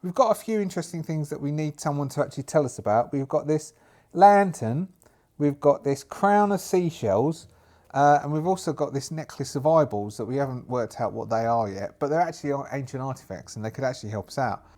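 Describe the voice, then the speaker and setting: A man's voice: medium pitch, animated, brisk, a little mellow. A man narrating a solo tabletop game in a rambling, self-amused way, restarting often.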